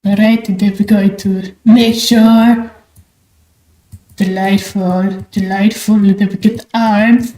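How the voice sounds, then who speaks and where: A young woman from Australia, livestreaming while she draws, talking in a put-on, theatrical bird-persona voice that is loud and enthusiastic. Her throat sounds sore and strained. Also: fairly high pitch, level tone, takes it slowly, few pauses, faint music behind. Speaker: streamer. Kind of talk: livestream chat while drawing. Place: small room at home at night. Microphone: desk mic with high gain. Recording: roomy echo.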